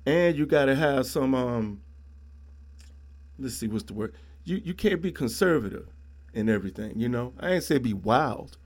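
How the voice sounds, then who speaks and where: A man's voice: medium pitch, expressive, measured pace, pauses often. A middle-aged man hosting a solo podcast, ranting in a blunt, preachy way and leaning on "man" and "yo". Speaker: podcast host.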